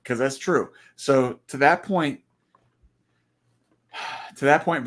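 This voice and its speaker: A man's voice: mid-range voice, lively intonation, slow pace, long pauses. A man with a Southern US accent, co-hosting a casual chat over a video call, joking and rambling through asides. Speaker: co-host.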